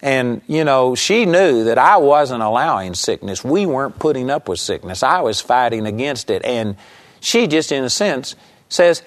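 A male preacher earnestly tells his testimony to a congregation. His voice sits at an ordinary middle pitch, and he quickens and slows his pace as the story builds. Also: animated. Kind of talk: sermon testimony.

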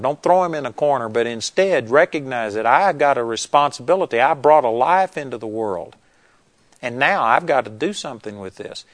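A man's voice: medium pitch, no echo. A man preaching a sermon on discipleship, earnest and emphatic, building to exclamations.

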